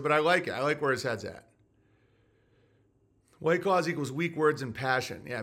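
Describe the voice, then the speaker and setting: A man's voice: a little high, bright, forceful tone. A man hosting a live-stream podcast, reading viewer messages and answering with sarcastic, mocking rants.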